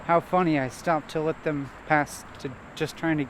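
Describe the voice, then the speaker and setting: A man vlogging as he walks a nature trail, thinking aloud in a halting, hesitant way and repeating words. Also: on the high side, fairly even intonation. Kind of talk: rambling self-reflective monologue while walking. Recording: faint outdoor noise.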